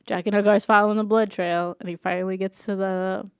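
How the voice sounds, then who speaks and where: A woman's voice: mid-range voice, level tone, brisk, clean tone, no room sound. A young woman co-hosting a podcast, recapping a TV show in casual chat, full of "like" and acted-out character lines. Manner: chatty, lots of "like", acts out characters' lines. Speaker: podcast co-host.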